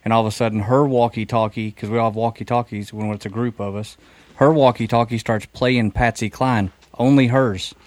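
A man's voice: medium pitch, steady tone, a little fast, a little mellow, no echo. Matter-of-fact male podcast guest. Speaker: paranormal investigator guest. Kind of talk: casual storytelling on a podcast.

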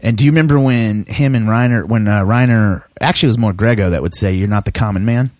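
A man's voice: on the low side, quick pace, darkish tone, no room sound, clean studio sound. A middle-aged man telling rambling, profane stories in casual chat, laughing as he goes. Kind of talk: casual storytelling.

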